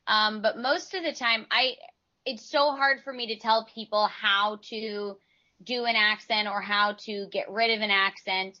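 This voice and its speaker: A woman from Texas talks casually as an interview guest, a voice actress who rambles through her answers and restarts her sentences. Her voice is bright and forward. The recording sounds a little muffled and lo-fi. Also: medium pitch, fairly even intonation, a little slow. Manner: chatty, rambling explanations with restarts.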